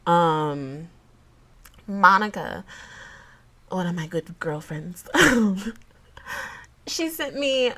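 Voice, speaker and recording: Woman podcast host, solo casual monologue, giggly and emotional, unhurried delivery. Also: lowish voice, animated, fairly bright tone. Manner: chatty, giggly and emotional, with frequent laughs and fillers.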